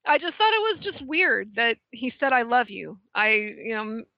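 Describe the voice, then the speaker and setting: A woman with a fairly high voice talks in casual podcast chat, candid and free with swear words. The sound is dry and close, with no room around her. The recording itself is dull and lo-fi. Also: sing-song, moderate pace, no room sound. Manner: candid, swears freely, laughs while talking.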